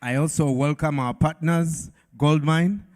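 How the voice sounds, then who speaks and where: A man's voice: fairly high pitch, fairly even intonation, unhurried, darkish tone. A man with a Ugandan accent moderating a live product launch in an event hall, hyping the crowd with call-and-response.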